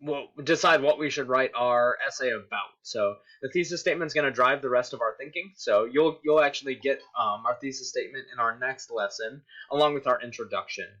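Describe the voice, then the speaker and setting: Bright-voiced male teacher explaining. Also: medium pitch, fairly quick, hardly any pauses. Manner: explanatory, checks in with "right?". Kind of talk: recorded literature lesson. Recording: dull lo-fi recording.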